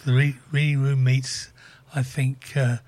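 A man co-presenting on community radio, reading the news and dryly grumbling about books in a deadpan way. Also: mid-range voice, a little slow. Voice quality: husky. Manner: dry, fussy, deadpan. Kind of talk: casual radio chat.

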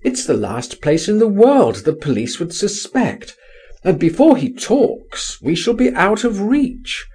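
A pleading, coaxing man pitched up high and swinging wildly in tone, urgent and exclaiming, as a man puts him on. Husky audiobook delivery with a worn edge. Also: very animated, measured pace, darkish tone, full character voice. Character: insistent pleading man urging a friend to flee. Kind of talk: audiobook dialogue.

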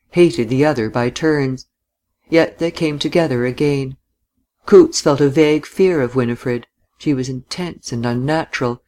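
An audiobook narrator reading literary fiction in a measured, even manner. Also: mid-range voice. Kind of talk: scripted narration.

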